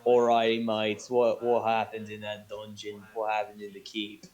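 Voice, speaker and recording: A man voicing a gruff, hearty dwarf lord with an Australian accent. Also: fairly low pitch, completely flat delivery, unhurried, darkish tone, lightly acted.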